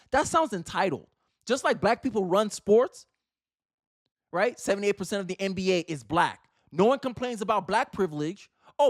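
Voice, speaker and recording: A man's voice: high-pitched, a bit bright, dry recording, studio quality. A man hosting a reaction commentary, talking in an emphatic, argumentative way and repeating phrases for effect. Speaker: commentary host.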